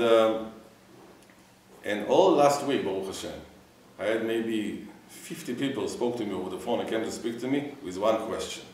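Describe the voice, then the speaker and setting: A rabbi teaches his weekly Torah class, quizzing his students and mixing in Hebrew phrases. His voice is fairly low with a darkish tone, and there is a little hiss or hum. The room is echoey and the mic sits far off.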